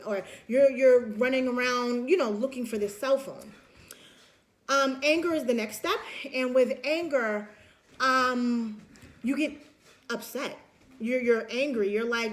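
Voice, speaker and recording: Lecturer woman with a higher-pitched voice, chatty and informal, acts out examples for students. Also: measured pace. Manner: chatty, acts out examples, many fillers and restarts. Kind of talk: casual recorded lecture.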